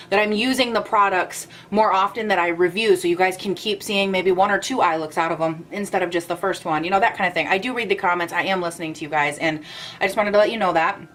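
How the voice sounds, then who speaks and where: A young woman chatting casually to her camera at home as a vlogger, animated and a bit out of breath, with playful rants. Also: medium pitch. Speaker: beauty vlogger.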